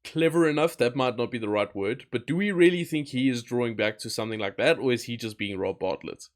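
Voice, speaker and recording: A man's voice: mid-range voice, fast. A young man co-hosting a wrestling podcast in casual chat, easygoing with a sarcastic edge. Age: young adult. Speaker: podcast co-host.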